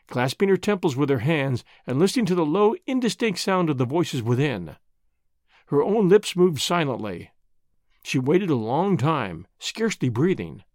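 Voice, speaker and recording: Expressive narrator reading a classic story. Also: mid-range voice, no echo, clean studio sound.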